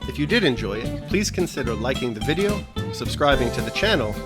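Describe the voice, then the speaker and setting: A man's voice: medium pitch, big pitch swings, music in the background. A man narrating a scripted video lesson, explaining things carefully and speaking straight to the viewers. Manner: measured, explanatory, addresses viewers directly. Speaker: teacher.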